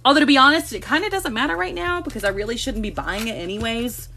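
A woman chats casually on a live stream from a room at home, slipping into cooing baby talk for her cats. Her voice sits a little high and sounds bright and forceful. A faint hum runs under the phone recording. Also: quick pace.

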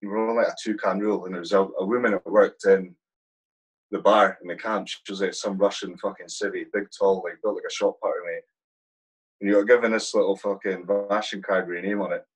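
A man's voice: sits low, steady tone, fairly quick, breathy edge, low-quality recording. A man guesting on a podcast, telling army stories in a rambling, swear-filled way, calling the host "mate" constantly. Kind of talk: casual storytelling.

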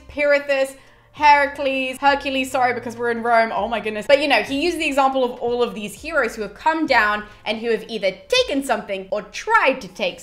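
A woman retells an ancient myth in an informal, chatty way, full of fillers and offhand swearing. Her voice sits a little high and stays lively. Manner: chatty, animated, swears casually. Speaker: mythology channel host.

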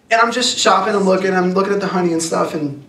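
A man preaching to a youth group in an earnest, conversational way, hammering points home by repeating them. His voice sits high for a man. The sound carries the echo of a large room, picked up from a distance. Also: bright, forceful tone. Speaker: youth pastor. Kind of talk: sermon to students. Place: church youth hall. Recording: echoey hall, mic at a distance.

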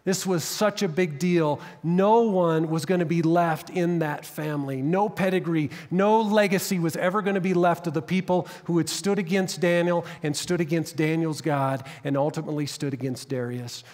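Male pastor, dramatic sermon storytelling, slightly high voice, reverberant church hall. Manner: dramatic storytelling, drops to hushed tones. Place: church sanctuary.

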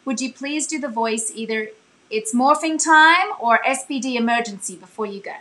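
A woman's voice: fairly high pitch, moderate pace, bright, forceful tone. A woman co-hosting a live fan stream, giggly and gushing as she reads out questions. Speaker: co-host of a live fan show. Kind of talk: casual live-stream chat.

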